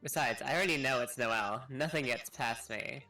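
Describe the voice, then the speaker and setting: A man's voice: mid-range voice, moderate pace, sharp tone, distant mic, faint music behind. A man voicing a nosy, sassy valley-girl woman who pokes into everyone's business, with a snooty, prying manner, improvised over a game on a live stream.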